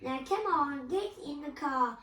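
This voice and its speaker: A woman's voice: sits high, animated, unhurried, fairly bright tone. A woman reading a story aloud, voicing an impatient, scolding adult man who is a harried teacher. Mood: lecturing. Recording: echoey room, voice from a distance.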